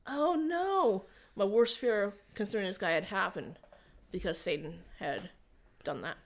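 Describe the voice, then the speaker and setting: A woman in an interview, telling a personal faith story in a rambling, halting way with frequent restarts. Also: lowish voice, lively intonation. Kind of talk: conversational testimony.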